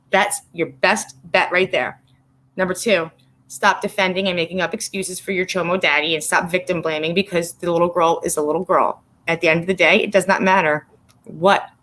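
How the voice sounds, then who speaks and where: A woman with a lower, slightly bright voice vlogs on a casual live stream. She rambles and swears sarcastically, getting emotional and sometimes choked up as she reads what viewers wrote.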